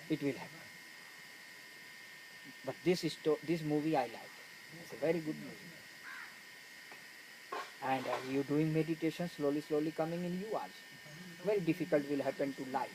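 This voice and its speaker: A man's voice: fairly high pitch, background noise. A man, not a native English speaker, gives a spiritual talk in broken English, retelling a film story and quoting its characters to meditation students. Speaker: spiritual teacher. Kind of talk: spoken discourse to meditation students.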